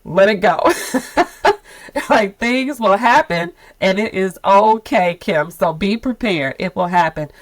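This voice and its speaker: A woman in her fifties, a nonprofit leader, telling her sabbatical story in a candid, expressive podcast conversation with frequent laughter. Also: mid-range voice, slow, no room sound.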